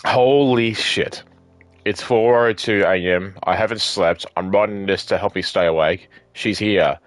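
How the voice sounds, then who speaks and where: A man's voice: low voice, fairly even intonation, moderate pace, no echo. A young man streaming a story game, reading dialogue and journal text aloud between jokes and swearing. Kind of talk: casual gameplay commentary and reading dialogue aloud.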